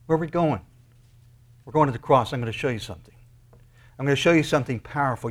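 A man preaching a sermon, moving from quiet, hushed asides to loud, shouted commands. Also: mid-range voice, quick pace, long pauses. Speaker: pastor.

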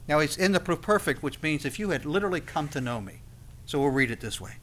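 A man preaching a sermon, swinging between loud emphasis and soft, intimate passages. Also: a little high, fast talker.

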